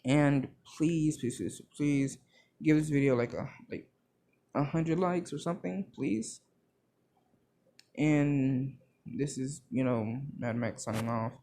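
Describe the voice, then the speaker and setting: A man's voice: mid-range voice, slow pace, mellow. A young man casually narrating a made-up fan story, rambling and full of fillers. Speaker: video creator.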